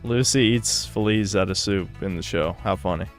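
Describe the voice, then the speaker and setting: A man's voice: deep voice, normal speed, soft background music. A man making dry, wry quips in casual podcast banter. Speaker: podcast co-host.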